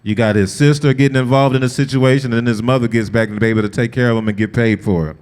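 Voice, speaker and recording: Man, lively preaching-style teacher, smooth resonant voice, long reverb. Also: medium pitch, fast talker. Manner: lively, talks straight to the group, asks them questions. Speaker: Bible study teacher. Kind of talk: conversational sermon-style lesson.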